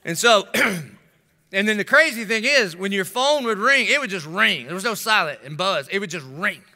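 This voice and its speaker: A man's voice: high voice, lively intonation, moderate pace, vocal fry, pushed and bright. A middle-aged male pastor preaching a sermon, telling funny stories and making asides to the congregation in a large church sanctuary. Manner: storytelling, humorous asides to the congregation. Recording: long hall reverb.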